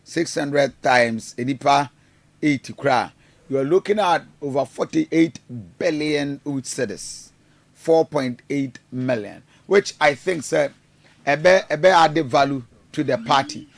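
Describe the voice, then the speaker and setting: A man's voice: a little high, slow pace, gravelly, no room sound. A man with a Ghanaian accent giving rambling, hesitant political commentary, mixing in Twi phrases. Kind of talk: casual news commentary.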